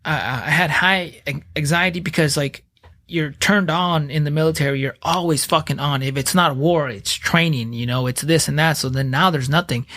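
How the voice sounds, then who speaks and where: A man in his thirties, a podcast guest, telling his story in blunt, profane, animated casual speech. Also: fairly high pitch, moderate pace.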